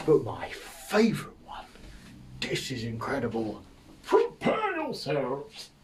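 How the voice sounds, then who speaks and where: A man's voice: medium pitch, distant mic, slight background noise. Rambling, sweary English man. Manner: rambling, sweary, self-mocking. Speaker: podcast host. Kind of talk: casual comic monologue.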